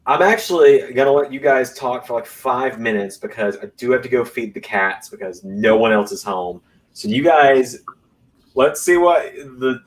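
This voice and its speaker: A young man hosting a podcast, chatting casually and making quick, wry remarks. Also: medium pitch. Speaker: podcast host. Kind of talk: casual chat.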